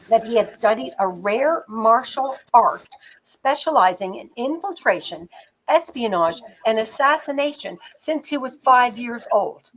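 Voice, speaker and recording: Animated middle-aged woman telling stories. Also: a little high, muffled recording, slight background noise. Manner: animated storyteller, many fillers like "you know", occasional swearing. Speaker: film producer and pitching teacher. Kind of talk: conversational interview anecdotes.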